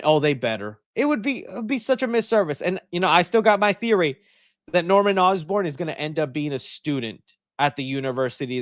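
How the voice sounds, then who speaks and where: A man hosts a live chat stream and answers viewer questions as they come in. His voice sits a little high and swings widely in pitch, in a chatty, thinking-out-loud way. The sound is dry and close, with no room echo. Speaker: host.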